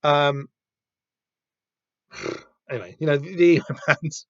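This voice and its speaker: A man's voice: a little high, sing-song, slow, fairly bright tone, no room sound. A man talking casually as a podcast host, rambling with lots of fillers and restarts. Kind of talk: casual comic-book reading chat. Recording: dull dry lo-fi home mic.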